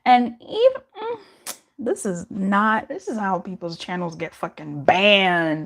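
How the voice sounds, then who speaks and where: A woman's voice: medium pitch, animated, slow pace, gravelly, pauses often, background noise. A young adult woman giving a casual live-stream tarot reading, chatty and laughing often, with frequent swearing. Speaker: tarot reader.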